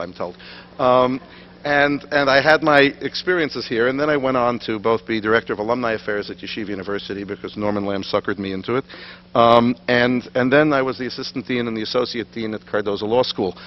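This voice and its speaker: A middle-aged man, giving a lecture full of anecdotes and self-deprecating humor in a synagogue hall. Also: medium pitch. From New York, USA. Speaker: guest lecturer. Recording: dull lo-fi recording with faint hum.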